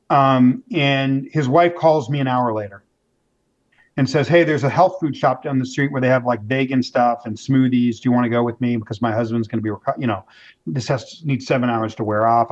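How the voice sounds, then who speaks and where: A man in an interview, telling a story with lots of animation, jumping into quoted voices and catching himself mid-sentence. His voice sits at an ordinary middle pitch. The sound is a bit dull and lo-fi. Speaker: author and interview guest.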